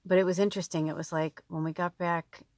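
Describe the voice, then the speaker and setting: A woman's voice: fairly low pitch, steady tone, fast talker, no room sound, clean studio sound. A woman telling a personal story to her viewers in a chatty, emotional way, full of quoted dialogue. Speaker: tarot reader and spiritual medium. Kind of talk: casual storytelling to camera.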